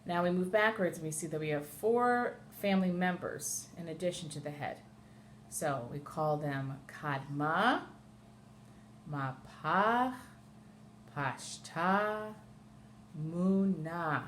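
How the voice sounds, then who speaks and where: A woman's voice: low voice, moderate pace, slight background noise. A woman cantor teaching Torah chanting at home, explaining step by step and singing short examples. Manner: explains step by step, sings trope names in short phrases. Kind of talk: online lesson with sung examples. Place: home with a dishwasher running.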